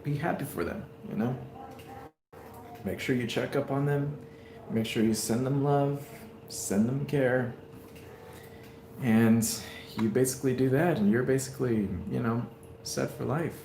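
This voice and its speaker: A man's voice: mid-range voice, steady tone, a little slow, long pauses, a little mellow, reverberant, slight background noise. A man streaming from a hospital room, giving a rambling, heartfelt talk with many fillers. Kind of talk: casual live stream chat.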